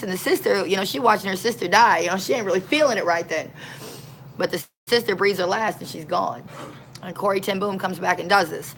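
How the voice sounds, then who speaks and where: A woman street minister in casual, slangy storytelling, folksy and animated. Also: medium pitch, brisk, creaky, slight background noise, low-quality recording.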